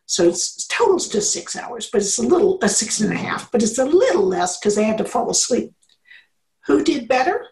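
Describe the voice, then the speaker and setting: A middle-aged woman professor talks through how learning works, with a slightly high voice. She explains in a lively, conversational way and slips into playful quoted voices as she goes. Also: normal speed, poor audio. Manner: animated explainer, acts out quotes. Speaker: engineering professor, interview guest. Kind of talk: conversational interview.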